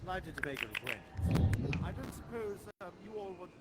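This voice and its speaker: A courtly, chuckling professor. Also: male voice, high voice, very animated, moderate pace, heavy background noise. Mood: genial. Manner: courtly and polite, chuckles often. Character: genteel, chatty male professor guide. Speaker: live actor guiding players. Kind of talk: live virtual-reality theater performance.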